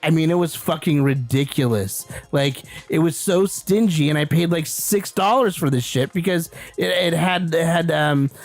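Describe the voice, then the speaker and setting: A man's voice: a little high, moderate pace, hardly any pauses, faint music behind. A man co-hosting a casual podcast, ranting with heated, swearing outbursts. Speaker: podcast co-host.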